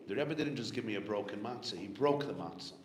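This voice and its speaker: A rabbi with a lowish voice tells a story to a gathering. His delivery is earnest and reflective, and some lines drop almost to a murmur. The sound carries a roomy echo over a faint hum of background noise. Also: lively intonation, quick pace. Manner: earnest, reflective storytelling with soft spoken asides. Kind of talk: storytelling sermon at a farbrengen. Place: community hall gathering.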